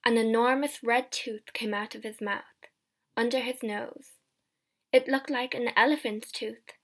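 A woman reads a simplified novel aloud with slow, careful, clear pacing. Her voice sits fairly high. It is scripted audiobook narration. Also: fairly even intonation, fairly bright tone. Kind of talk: scripted narration of a graded reader.

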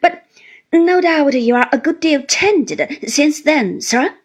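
A woman voicing a mild, meek elderly little man, a country doctor, who speaks slowly, with deference and apology. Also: high voice, animated, pitched above the performer's own voice. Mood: meek, deferential.

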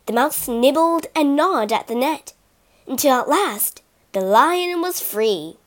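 A woman narrating children's fables in a bright, expressive storybook manner. Her voice sits high and swings widely, and she reads unhurriedly. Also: slow. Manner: lively expressive reading.

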